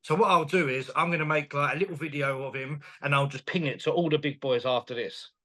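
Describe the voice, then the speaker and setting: A man, a boxing promoter chatting as a guest in an interview, animated and quick to laugh. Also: fairly high pitch. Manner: animated, enthusiastic, laughs often, retells dialogue. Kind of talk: casual interview chat.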